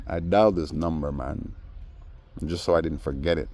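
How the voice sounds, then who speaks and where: A man telling a story in a casual rant, animated and mimicking the people he quotes. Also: a bass voice, moderate pace. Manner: animated, mimics others in quoted voices, laughs often. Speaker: vlogger.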